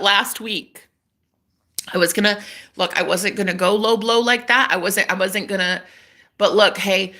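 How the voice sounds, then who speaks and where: A woman chatting on a casual livestream as a psychic reader, animated, swearing freely and laughing often. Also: medium pitch.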